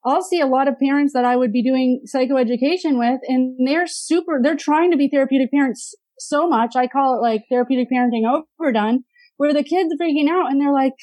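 A woman's voice: sits high, fairly quick, darkish tone, no room sound, poor audio. A woman therapist in casual podcast conversation, chatty, with many filler words and brief mimicking of parents.

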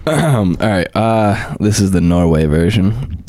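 A man's voice: fairly low pitch, sing-song, slow pace, a little mellow. A man co-hosting a podcast who jokes around, laughs often, and reads a story aloud in a casual way. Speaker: podcast co-host. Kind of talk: casual chat and story reading.

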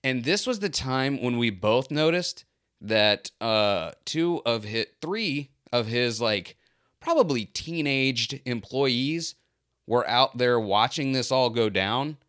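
A man's voice: medium pitch, slow, smooth, no room sound. Dry, close-sounding man telling a story. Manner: animated, self-mocking, acts out quoted lines. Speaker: pool cleaner. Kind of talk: casual personal storytelling.

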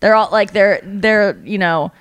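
A woman's voice: medium pitch, unhurried, smooth, no echo. A woman hosting a podcast, chatting casually and acting out stories with quoted voices. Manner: animated storyteller, acts out quotes. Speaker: podcast host. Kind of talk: casual chat.

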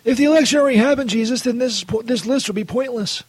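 A man voicing a crude, irritable saint who swears constantly and keeps saying "Jesus", in a husky voice. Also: very high-pitched, fast, no echo, voice pushed up. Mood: indignant.

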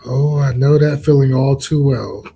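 Gravelly husky guy on a chat show, laid back, easygoing. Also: mid-range voice, measured pace, mellow. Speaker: guest. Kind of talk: casual chat.

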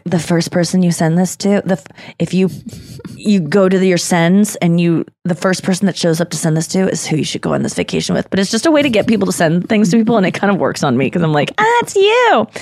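A woman's voice: lowish voice, no echo, studio quality. A woman co-hosting a podcast, chatting casually and telling stories in a rambling way that often breaks off and restarts mid-sentence. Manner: rambling, self-interrupting storyteller. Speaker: podcast co-host. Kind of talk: casual chat.

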